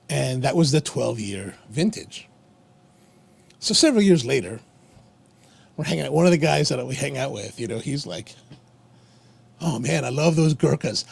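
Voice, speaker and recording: A man's voice: medium pitch, vocal fry, breathy edge. A man co-hosting a casual chat show over coffee and cigars, telling a rambling story with many restarts. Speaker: podcast co-host.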